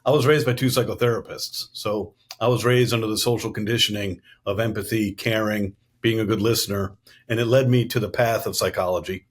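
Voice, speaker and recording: A man's voice: fairly low pitch, fairly even intonation, fairly quick. Earnest middle-aged man telling his story. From East Coast US. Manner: earnest, expansive, businesslike. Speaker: guest, company CEO. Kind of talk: storytelling interview answers.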